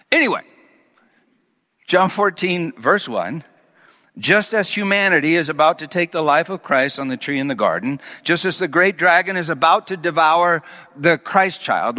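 Man, preacher, sermon, bright forceful tone, loud peaks and hushed whispers, long reverb. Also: high-pitched. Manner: dramatic swings from loud emphatic peaks to hushed near-whispers.

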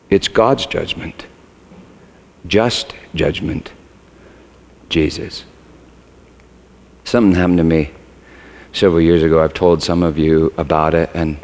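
A man preaching a sermon, swinging from hushed, halting storytelling to loud, emphatic proclamation. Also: fairly low pitch. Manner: dramatic swings from hushed to shouting; halting restarts when moved. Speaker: pastor. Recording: long hall reverb.

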